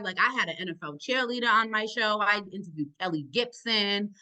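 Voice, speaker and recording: A young woman sports podcaster with a deep, thick accent, answering interview questions eagerly and gratefully. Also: a little fast, hardly any pauses. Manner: eager, animated and grateful, speeds up in bursts.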